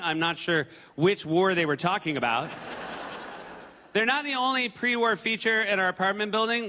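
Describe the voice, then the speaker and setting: A man in his forties from New Hampshire doing animated stand-up comedy on a theater stage. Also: sits high, background noise. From New Hampshire, USA. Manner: animated, breaks into yelled impressions. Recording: stage mic in a reverberant hall.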